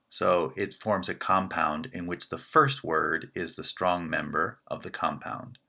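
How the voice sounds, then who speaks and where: A man giving a recorded linguistics lecture, explaining in a measured way and often checking in with "right?". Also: low voice, sharp tone.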